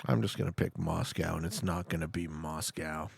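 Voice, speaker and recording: A man's voice: extremely low pitch, level tone, normal speed, vocal fry, husky, no room sound, studio quality. A young man streaming a geography guessing game, joking and talking back to his chat. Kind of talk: casual live gameplay commentary.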